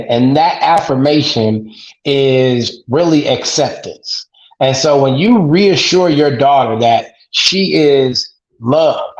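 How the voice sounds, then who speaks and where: A man's voice: medium pitch, roomy sound, dull audio. A man, a father of two daughters, talking earnestly as a podcast guest and acting out the call-and-response phrases he repeats with his kids. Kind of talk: casual interview talk.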